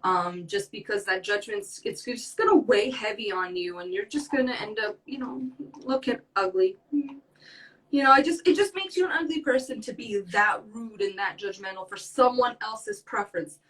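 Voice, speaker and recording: A woman's voice: medium pitch, normal speed, fairly bright tone, recorded from a distance, low-quality recording. A young woman speaking earnestly as a podcast guest in casual talk, rambling with many fillers. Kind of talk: casual conversation.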